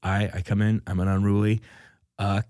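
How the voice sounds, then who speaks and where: A man's voice: fairly low pitch, flat delivery, normal speed, a little mellow, dry recording, clean studio sound. A man from the Midwest hosting a comedy podcast in casual chat, joking and riffing playfully. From American Midwest. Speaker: podcast host.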